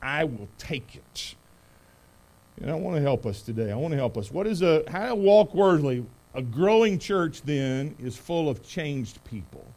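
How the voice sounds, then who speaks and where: A middle-aged man preaching, reading scripture with loud emphasis on key words and praying in a soft, hushed voice. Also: a little high, animated, normal speed, hardly any pauses. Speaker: pastor. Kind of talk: sermon with scripture reading and prayer.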